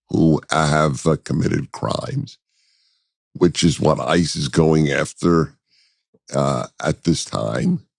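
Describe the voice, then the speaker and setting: A man with an extremely low, gravelly voice talks at an unhurried, measured pace. He answers as a guest in an interview, deliberate and full of pauses and restarts. The sound is close and dry. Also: a little mellow, no room sound. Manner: deliberate, with frequent hesitations and restarts. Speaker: guest commentator.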